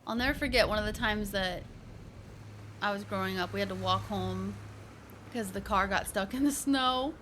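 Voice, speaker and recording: A woman from Ohio streaming a video game live, gushing with excitement and chatting to her viewers. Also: mid-range voice, moderate pace, a little hiss or hum. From Ohio, USA. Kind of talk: live gameplay reaction.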